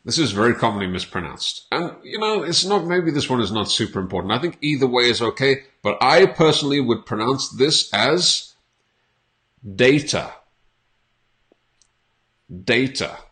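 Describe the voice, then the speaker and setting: Lively, playful male English teacher. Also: medium pitch. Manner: playful, repeats words slowly for learners. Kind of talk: casual on-camera English lesson.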